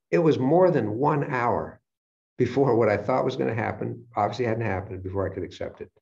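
A man giving a motivational lecture, telling stories and acting out his own reactions with lively energy. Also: mid-range voice, a little fast, vocal fry. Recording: dull lo-fi sound.

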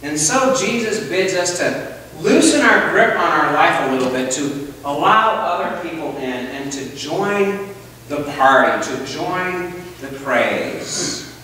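A man's voice: fairly high pitch, animated, slow, bright, forceful tone, a little hiss or hum. A male pastor preaching a sermon in church, telling a story and putting questions to the congregation. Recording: echoey church hall, distant mic.

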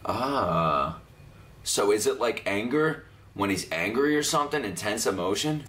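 A young man hosting an anime reaction video, talking excitably, swearing freely and often laughing. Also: lowish voice, a little slow. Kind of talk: live reaction commentary.

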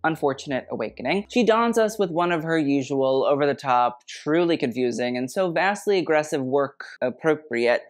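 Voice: medium pitch, lively intonation, normal speed, hardly any pauses. Snarky fashion vlogger, dry wit. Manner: snarky, sarcastic and wry. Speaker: fashion commentary YouTuber. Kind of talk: scripted fashion critique vlog with a sponsor read.

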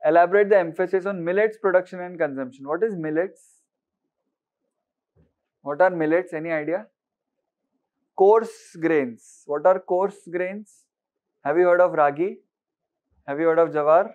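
Indian man teaching, high voice. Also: moderate pace, long pauses, phone-quality sound. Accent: Indian English. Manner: questioning, mixes Hindi words, repeats for emphasis. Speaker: exam-prep teacher. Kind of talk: lecture to students.

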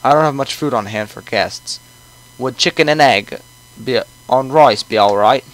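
A man voicing a kindly old male landlord with a put-on British accent, speaking slowly and courteously. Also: mid-range voice, fairly bright tone, lightly acted, low-quality recording. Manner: slow, courteous, old-fashioned.

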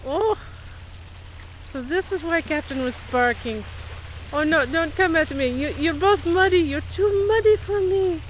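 A woman's voice: high voice, animated, measured pace, slight background noise, poor audio. A woman filming her horses outdoors, cooing and exclaiming at them. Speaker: horse owner. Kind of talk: casual filming of her animals.

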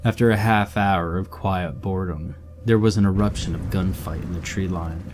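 Man, very deep voice, horror story narration, measured, faint music underneath.

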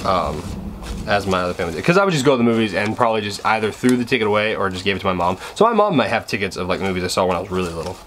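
A man's voice: deep voice, very animated, racing, fairly bright tone, a little hiss or hum. A young man rambling casually to camera at home, self-deprecating and full of restarts. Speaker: vlogger. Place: bedroom at home, indoors.

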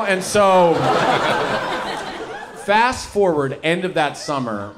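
A man's voice: fairly high pitch, heavy background noise. A young American man performing stand-up comedy at a live show, telling a story and slipping into put-on voices. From United States. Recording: live show with loud crowd laughter. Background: loud audience laughter.

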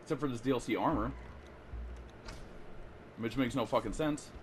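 A man's voice: mid-range voice, moderate pace, slight background noise. A young man on voice chat with his gaming team, talking crude trash talk and swearing constantly. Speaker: teammate. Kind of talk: live gameplay chat.

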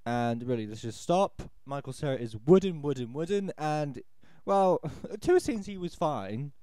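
A man rambles through a sarcastic, fed-up film review, restarting his sentences as he goes. His pitch sits a little high and swings widely. The sound is dry and close, with no room echo. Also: lively intonation, unhurried, warm tone. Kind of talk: ranting audio film review.

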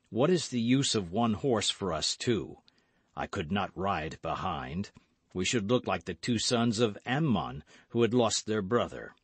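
A man voicing a weary, measured older musketeer patiently persuading a friend in an audiobook. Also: fairly low pitch, husky, no room sound, full character voice.

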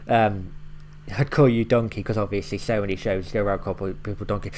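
A man's voice: fairly low pitch, fairly even intonation, a little fast, darkish tone, slight background noise. A man hosting a reaction video, casually explaining each line with loose fillers and the odd swear. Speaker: YouTube reaction host.

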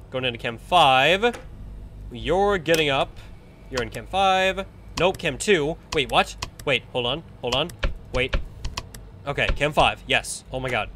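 Bright-voiced young man commentating a game. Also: a little high, measured pace, slight background noise. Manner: chatty, talks to the game characters, bursts into excited shouts. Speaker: gameplay commentator. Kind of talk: casual let's-play commentary.

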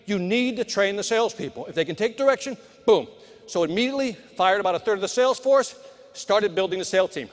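A man's voice: high voice, animated, fast. A middle-aged man giving a live keynote on sales at a conference, with punchy motivational delivery that talks straight to the crowd. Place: large conference hall. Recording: long hall reverb.

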